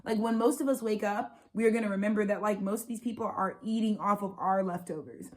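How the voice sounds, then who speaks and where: A young woman in her twenties giving an unscripted spiritual vlog monologue, fast, profane and emphatic, repeating her points. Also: mid-range voice. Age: 20s. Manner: rapid, profane, emphatic and repetitive. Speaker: astrologer and spiritual channeler.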